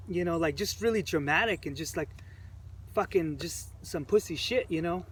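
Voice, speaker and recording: Emotional man telling his story, heard from a distance. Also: on the high side. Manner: earnest, halting, repeats phrases while recounting. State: emotional, choked up. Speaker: protester recounting events. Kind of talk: personal storytelling to camera. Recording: distant mic with faint background noise.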